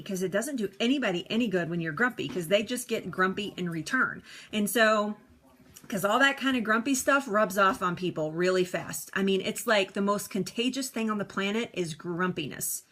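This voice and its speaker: A woman's voice: mid-range voice, moderate pace, pushed and bright. A woman coaching viewers on a live stream, upbeat and chatty, laughing often as she reads comments aloud.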